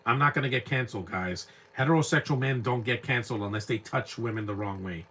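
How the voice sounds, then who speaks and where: A man's voice: medium pitch, quick pace, pushed and bright, husky. A young man giving casual live commentary on an old movie, rambling and repeating words as he searches for names.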